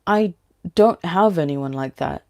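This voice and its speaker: A woman voicing a frightened, bitter young woman in a story reading, quiet and halting. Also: lowish voice, expressive. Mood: despairing.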